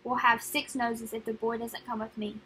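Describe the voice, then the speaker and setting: A woman voicing a menacing little male imp in a storybook reading, with a high, squeaky, taunting voice. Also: flat delivery, normal speed, fairly bright tone, slightly rough. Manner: taunting, demanding.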